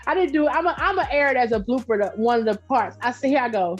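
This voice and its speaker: A middle-aged woman, a podcast guest and entrepreneur, talking in a loud, direct, animated way and telling stories with laughs. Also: sits high, quick pace, soft background music. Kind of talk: casual interview chat. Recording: dull lo-fi sound.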